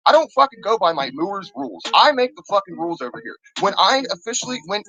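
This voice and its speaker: A man hosting a live stream, ranting in a rambling, profane, animated way. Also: high-pitched, low-quality recording. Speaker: stream host. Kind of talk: casual live-stream rant.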